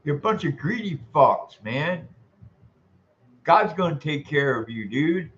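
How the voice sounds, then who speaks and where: A man's voice: fairly high pitch, sing-song, measured pace, a bit bright, muffled recording. A man venting in an angry, profanity-laced monologue, exasperated and repeating himself. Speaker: vlogger.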